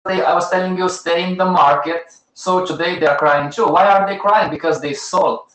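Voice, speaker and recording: A man's voice: a little high, steady tone, moderate pace, a bit bright, reverberant, rough recording. A man with as a hosting a live teaching session, talking to his audience in short, emphatic, repeated phrases and chiding them. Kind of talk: casual live-stream teaching.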